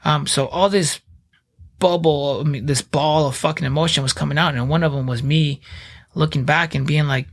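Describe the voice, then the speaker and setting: A man in his thirties, a podcast guest, telling his story in blunt, profane, animated casual speech. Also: a little high, moderate pace.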